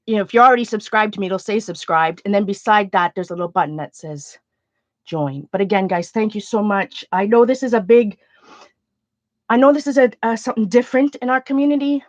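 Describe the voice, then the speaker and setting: A woman hosting an art channel, talking casually to her viewers in a halting, emotional way, close to tears. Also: mid-range voice, no echo. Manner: emotional, halting, many restarts. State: near tears. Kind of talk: casual livestream chat to viewers.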